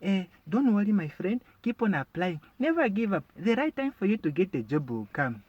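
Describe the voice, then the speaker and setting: A man's voice: high-pitched, sing-song, normal speed, no room sound, muffled recording, pitched above the performer's own voice. A man voicing a pitying, well-meaning friend who gives empty, patronizing comfort in a sing-song tone. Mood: consoling.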